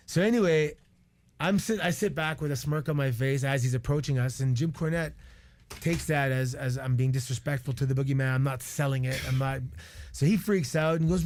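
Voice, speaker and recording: A Canadian man in his forties, a retired wrestler, tells a story as a guest in a radio studio. His fairly high, slightly mellow voice moves fairly quickly with no room sound, and he's candid and profane, restarting often and tossing in quoted asides.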